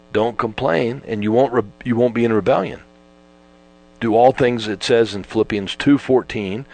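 A man's voice: medium pitch, gravelly, a little mellow, rough recording. A man giving an informal Bible teaching, folksy and repetitive, restarting phrases and driving points home. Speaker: preacher.

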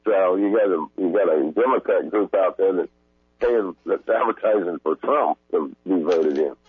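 A man's voice: deep voice, moderate pace, breathy edge, no room sound, narrow, tinny audio. A man in a casual talk, rambling and hesitant with many fillers. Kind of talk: casual chat.

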